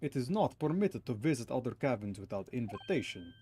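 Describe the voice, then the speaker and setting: A man's voice: mid-range voice, big pitch swings, normal speed, darkish tone, a little hiss or hum, close to an everyday voice. A man doing a blunt sailor with a mock Russian accent. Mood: curt. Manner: broken, blunt, self-important English. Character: gruff burly male ship's sailor with a put-on Russian accent. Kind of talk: reading game dialogue aloud.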